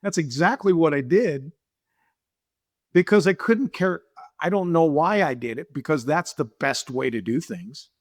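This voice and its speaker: A man's voice: fairly high pitch, unhurried, no echo, clean studio sound. A middle-aged man, a business owner, telling stories in an interview and acting out the dialogue he quotes. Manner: animated, acts out quoted dialogue, repeats himself. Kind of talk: casual interview storytelling.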